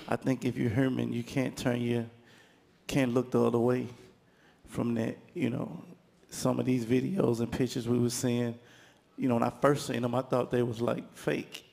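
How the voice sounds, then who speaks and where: Man, gravelly, monotone, casual interview. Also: medium pitch. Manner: laid-back, fillers like "you know". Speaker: interviewee, rapper.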